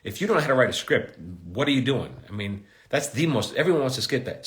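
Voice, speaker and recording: A man's voice: medium pitch, big pitch swings, fairly bright tone. Chatty man answering live questions. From United States. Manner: chatty, joking, reads viewer questions aloud; slips into halting learner's Italian. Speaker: showrunner hosting a live Q&A. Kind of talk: casual live-stream Q&A.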